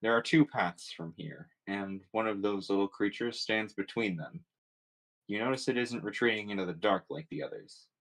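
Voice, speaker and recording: Low-voiced man reading aloud. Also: moderate pace, poor audio. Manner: steady second-person narration. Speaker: reader.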